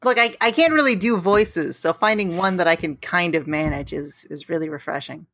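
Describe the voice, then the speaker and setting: A woman's voice: lowish voice, moderate pace, a bit bright, no room sound. A woman who is a guest on a comedy gaming podcast, chatting playfully and now and then putting on a mock Southern drawl. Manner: slips into a put-on Southern drawl for jokes.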